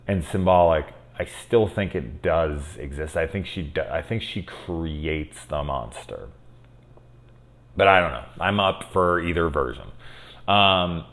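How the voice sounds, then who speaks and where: A man in his thirties giving a casual, candid spoken review of a horror film, often cursing and swinging between quiet musing and loud exasperation. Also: deep voice.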